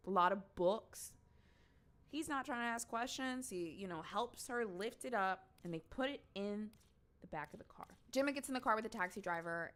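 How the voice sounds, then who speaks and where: A woman's voice: medium pitch, fairly bright tone. A woman casually recounting a true crime case to her audience, chatty and emphatic, dropping the odd swear word. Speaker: streamer host.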